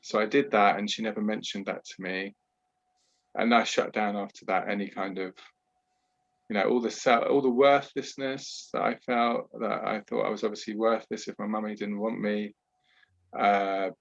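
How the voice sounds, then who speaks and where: Man, podcast guest, low register, candid and measured storyteller, muffled lo-fi sound. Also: fairly even intonation, creaky. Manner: candid, measured, with many "you know" asides. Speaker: podcast guest, trauma healer. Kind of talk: reflective personal storytelling.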